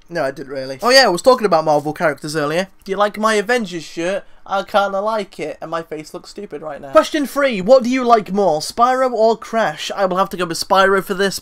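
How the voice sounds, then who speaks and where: A man's voice: sits high, a bit bright, clear, resonant tone. A young British man answering viewer questions to camera in a casual, rambling, self-deprecating way, full of "like". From Britain. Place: room at home, lit by daylight.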